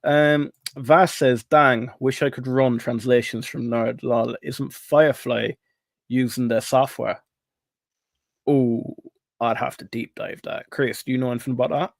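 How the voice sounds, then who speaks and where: A man's voice: medium pitch, fairly even intonation, measured pace, vocal fry, dry recording. Friendly man hosting, dry sound. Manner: friendly, reads chat aloud. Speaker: host. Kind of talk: casual livestream chat. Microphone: online audio call.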